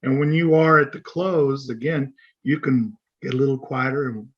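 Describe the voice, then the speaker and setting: A man giving a fast-paced, conversational business training presentation at a chamber meeting, sometimes acting out sample phone dialogue. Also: mid-range voice, fairly even intonation, highs cut off. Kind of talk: seminar presentation.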